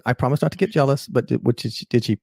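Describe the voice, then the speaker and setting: Male podcast host, warm dark tone, playful interviewer. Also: medium pitch, racing, gravelly, no echo, studio quality. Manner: teasing, curious questions. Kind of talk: casual chat.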